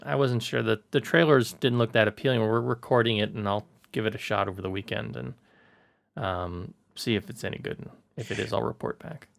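A man hosts a podcast in a low, gravelly voice, easygoing and a little hesitant. He talks things through casually and trails off into fillers. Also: fairly even intonation, a little fast, no room sound, clean studio sound. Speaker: podcast host.

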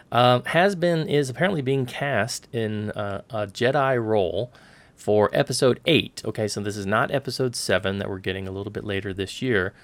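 Here a man with a lowish, gravelly voice co-hosts a podcast. He's relaxed and chatty, rambling on with many fillers.

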